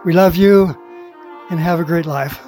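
A man's voice: fairly high pitch, measured pace, a little mellow. An older man, the groom's father, speaks a cheerful, earnest message of congratulations. Faint music plays behind him. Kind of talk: recorded well-wishing message.

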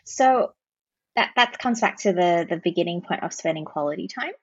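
A woman counsellor on a parenting podcast, explaining calmly and acting out the gentle phrases she recommends. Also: on the low side, moderate pace, slightly rough, no echo, lo-fi sound. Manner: explains with demonstrated soothing phrases. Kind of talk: conversational podcast interview.

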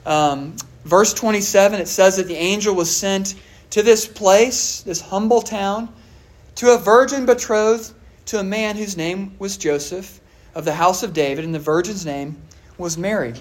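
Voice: medium pitch, a little slow. A preacher giving a sermon in a conversational way, asking the listeners questions and often saying "all right" and "uh". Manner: many fillers like "all right" and "uh".

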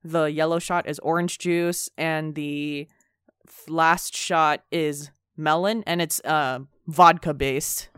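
A woman's voice: sits low, steady tone, takes it slowly, a bit bright, clean tone, no echo, clean studio sound. A peppy young woman co-hosting a podcast, telling a story in casual chat. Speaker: podcast co-host.

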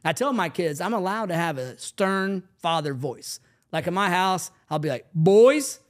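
A man co-hosting a podcast, telling family stories in a lively casual chat. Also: sits high, normal speed. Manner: animated storyteller acting out quoted family lines. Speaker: podcast co-host, family ministry leader.

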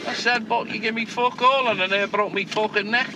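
A blunt, swearing man over loud wind. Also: sits high, fairly quick. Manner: swears heavily, blunt and animated. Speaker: taxi driver. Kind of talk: casual storytelling. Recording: loud wind and road noise.

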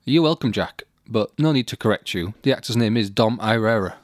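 A man's voice: fairly low pitch, lively intonation, fairly quick, loud music behind the voice. A man co-hosting a casual podcast, chatty and laughing often. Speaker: podcast co-host.

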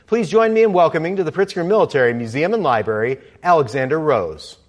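A man's voice: a little high, very animated, fast, dull audio, heavy background noise. A man hosting a museum event, reading a formal scripted introduction of the speaker. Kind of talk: read introduction. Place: museum lecture hall.

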